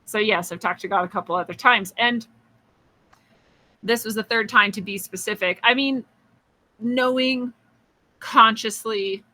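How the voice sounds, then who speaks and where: A woman's voice: on the high side, a little slow, pauses often, pushed and bright, low-quality recording. A woman hosting a podcast, musing through a spiritual story in a chatty way, with frequent laughs and restarts. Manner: acts out quoted voices. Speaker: podcast host.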